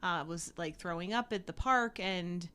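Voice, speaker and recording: A woman's voice: fairly low pitch, measured pace, fairly bright tone, clear, resonant tone. A woman co-hosting a casual live-stream chat, talking with many fillers and little laughs. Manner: chatty, giggly, many fillers. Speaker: co-host.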